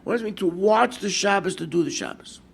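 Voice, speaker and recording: Older rabbi with a gravelly voice. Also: male voice, sits high, fast talker, a little hiss or hum. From United States. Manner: storytelling with lively quoted asides, mixing Hebrew and Yiddish terms. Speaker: rabbi giving a Torah class. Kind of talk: sermon.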